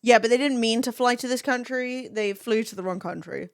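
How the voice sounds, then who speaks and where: A young adult woman chatting on a livestream, swearing freely and reacting with quick laughs as she reads chat. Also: on the high side, no room sound. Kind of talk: casual stream chat, reading chat aloud.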